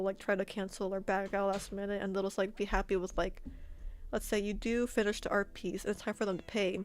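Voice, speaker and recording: A woman streamer chats casually with her audience, her voice smooth and clear. She tells stories in an animated way, laughing often and repeating herself. Soft music plays faintly underneath. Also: mid-range voice. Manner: animated, laughs often, repeats words while telling a story. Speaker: streamer and artist. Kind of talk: casual storytelling to chat. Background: faint background music.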